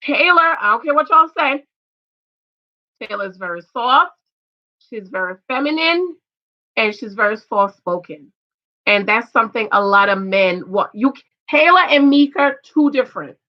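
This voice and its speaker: Loud, emphatic middle-aged woman vlogger. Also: a little high, animated, measured pace, highs cut off. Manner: loud, emphatic, talks back to viewers. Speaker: vlogger reviewing a reality show. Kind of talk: casual commentary reading comments.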